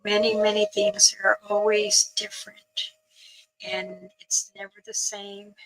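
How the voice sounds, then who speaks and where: An older woman talking casually with viewers on a live stream, in a gentle, wandering way, with soft words that trail off. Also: medium pitch, level tone, measured pace, low-quality recording. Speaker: livestream host answering viewers. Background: music playing in the background.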